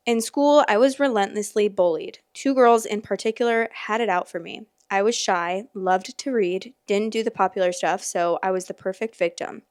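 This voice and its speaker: A woman's voice: medium pitch, no room sound, studio quality. A woman hosting a podcast, chatting casually and reading stories aloud in a chatty way, with lots of fillers and exclamations.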